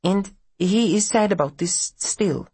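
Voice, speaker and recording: A man's voice: high-pitched, takes it slowly, a little mellow, breathy edge, no room sound, voice pushed up, full character voice. A man narrating a story voices an anxious immigrant mother who speaks in simple, broken phrases. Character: worried immigrant mother, adult woman.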